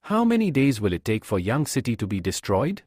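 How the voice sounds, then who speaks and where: A man narrating a comic story recap in an even storytelling read. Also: medium pitch, fairly quick, slightly rough, no echo, studio quality.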